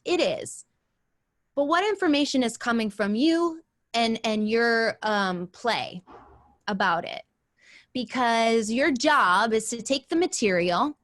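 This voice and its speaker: A woman teaching an acting class in a chatty, animated way, acting out lines as she explains. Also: fairly high pitch. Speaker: acting coach.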